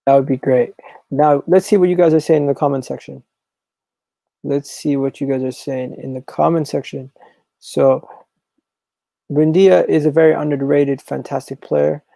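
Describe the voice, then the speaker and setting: A man hosting a live football talk stream, reading viewer comments and repeating his phrases in a chatty, animated way. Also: fairly high pitch, moderate pace, gravelly, long pauses, dry recording, poor audio. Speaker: football channel host.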